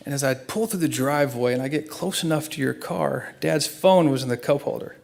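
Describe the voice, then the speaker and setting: Gravelly-voiced man giving an emotional eulogy. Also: mid-range voice, fairly quick. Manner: earnest storytelling, voice swings between hushed and loud. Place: church.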